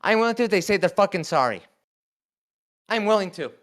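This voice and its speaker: A man's voice: high-pitched, expressive, fast talker, fairly bright tone. A young man, a crew member of a talk show, confronting the hosts in an emotional, heated argument, full of swearing and outbursts.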